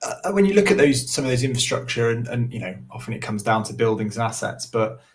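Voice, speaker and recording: A man's voice: medium pitch, big pitch swings, quick pace. Earnest man on a panel. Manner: earnest, with many restarts and "you know" fillers. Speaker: council estates lead. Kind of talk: webinar panel discussion.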